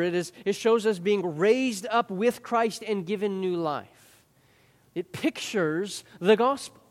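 A pastor with a notably high voice delivers an expository sermon, earnest and emphatic, doubling words whenever he restarts a thought. A large church sanctuary gives his voice a long, ringing reverb.

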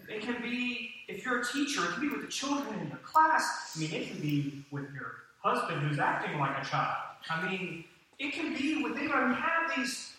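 His voice very high-pitched, pushed and bright, a man preaches to his church congregation in a conversational way, questioning his listeners as he goes. He's a pastor, heard from a distance in a hall full of echo.

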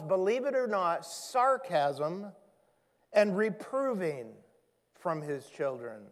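A male pastor with a high voice delivers a sermon at an unhurried pace. He moves between casual asides to the congregation and expressive readings of scripture. A long reverb trails every phrase, as if he is in a big church hall. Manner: conversational preaching, dramatic scripture reading.

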